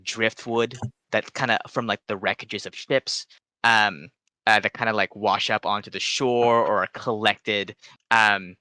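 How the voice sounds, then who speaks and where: A man's voice: medium pitch, pushed and bright, clear, resonant tone, no echo. A man narrating a tabletop game as game master, loose and rambling with lots of fillers.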